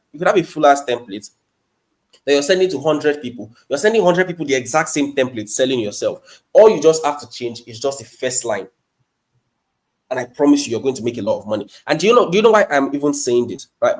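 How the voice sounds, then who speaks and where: A man with a Nigerian accent, a guest on a live stream. He explains things in a loose, chatty way, and his pitch sits in the middle range. He keeps the audience involved with quick rhetorical questions. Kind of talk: casual live-stream teaching and Q&A.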